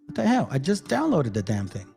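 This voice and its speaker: A man's voice: medium pitch, huge pitch swings, a little fast, creaky, mellow, soft background music. A man hosting his own channel, talking casually and directly to viewers, swearing freely and calling them family. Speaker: channel host.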